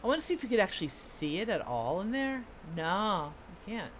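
A woman's voice: medium pitch, big pitch swings, brisk, a little hiss or hum. Chatty woman streamer narrating gameplay. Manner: chatty, rambling, self-amused. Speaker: gaming streamer. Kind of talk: casual gameplay commentary.

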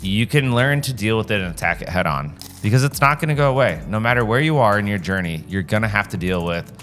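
A man's voice: fairly low pitch, lively intonation, fast talker, a bit bright, a little hiss or hum. A man co-hosting a business podcast, introducing the episode in an earnest way and repeating words as he goes. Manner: earnest, repeats words while searching for them. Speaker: podcast co-host.

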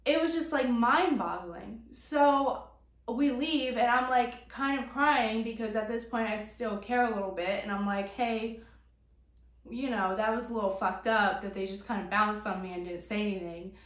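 A woman's voice: fairly high pitch, moderate pace. A young adult woman telling a personal story to her vlog audience in a casual, chatty way, full of "like" fillers. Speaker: vlogger. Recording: echoey room.

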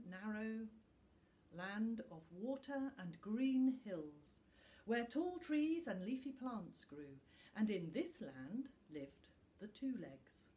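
Slow, gentle woman reading a bedtime story. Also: medium pitch. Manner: calm, gentle storytelling with dramatic pauses. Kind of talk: bedtime story read-aloud.

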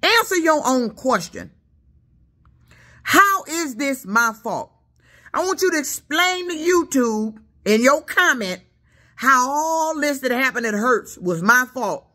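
A woman from Detroit whose speech carries a Southern lilt rants at her commenters from the couch of her apartment. Her voice is high and bright, swinging widely in pitch as she stammers, repeats herself and presses her point with indignation. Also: lively intonation, a little slow. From Detroit, USA. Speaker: YouTuber. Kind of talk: angry rant at commenters.

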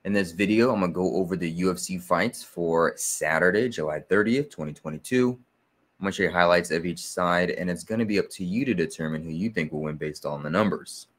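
Deep-voiced man walking through numbers. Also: brisk. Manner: steady, methodical, with frequent "uh" fillers. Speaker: sports picks channel host. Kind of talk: casual explanatory video walkthrough.

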